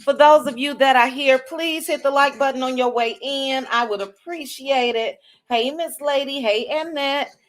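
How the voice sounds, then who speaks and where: A woman hosting a livestream, greeting viewers by name in a casual chat with drawn-out, chatty greetings. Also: sits high, faint music behind. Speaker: livestream host.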